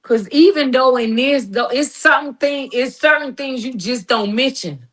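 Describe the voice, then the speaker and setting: A woman's voice: sits high, moderate pace, a bit bright. A middle-aged woman in a heated, emphatic monologue, confronting someone with slang and preachy turns. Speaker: guest responding to critics.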